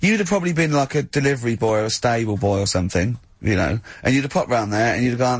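A man hosting a comedy radio show, telling animated stories and laughing often. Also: medium pitch, quick pace, few pauses, slightly rough, dry recording.

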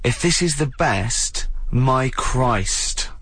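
Man, radio host, husky, dry close sound, animated banter, frequent laughs. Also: mid-range voice, very slow, no room sound. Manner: laughs often, animated storytelling.

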